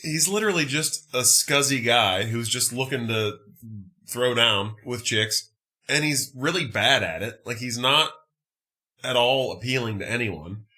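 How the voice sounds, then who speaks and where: A man hosting a casual movie podcast, recapping a film in an animated, profane, exasperated way. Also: mid-range voice, measured pace. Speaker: podcast host.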